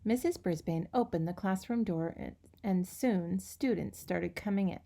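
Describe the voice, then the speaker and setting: A woman reading a children's book aloud with expressive, lively storytelling. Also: on the low side, measured pace, creaky. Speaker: reader.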